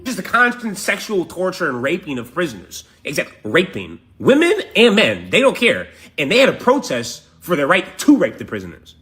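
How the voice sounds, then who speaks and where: A man's voice: on the high side, wildly swooping pitch, normal speed, hardly any pauses, a bit bright, slightly rough. A man giving profane, mocking reaction commentary in casual slang.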